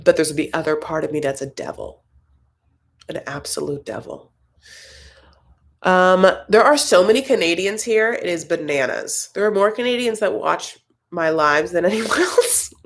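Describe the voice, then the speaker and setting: A woman's voice: lowish voice, vocal fry. A young woman hosting a casual live-stream chat from home, rambling through her thoughts and reading viewer comments aloud. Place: home, Los Angeles.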